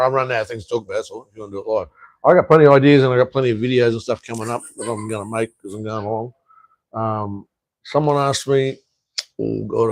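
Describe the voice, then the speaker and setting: A man's voice: lowish voice, no echo. A middle-aged man, chatting casually on his live stream, rambling, swearing freely and full of ums and restarts. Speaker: livestream host.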